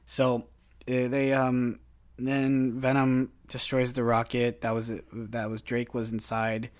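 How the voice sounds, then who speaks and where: A man's voice: mid-range voice, completely flat delivery. A man, a guest reviewer, casually retelling a film plot with many fillers and restarts. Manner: halting, full of uh and um fillers.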